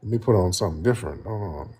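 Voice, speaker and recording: Male live stream host, casual, joking, husky tone. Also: low voice, lively intonation, racing, dark tone. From United States. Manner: chatty, joking, talks to his viewers.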